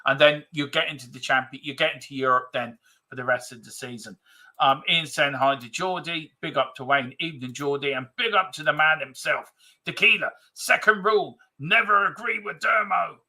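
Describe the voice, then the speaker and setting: A man's voice: on the high side, normal speed, bright, forceful tone. A man from England, hosting a casual live stream, chatting and reading out viewer comments with hesitant restarts. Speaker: fan channel host.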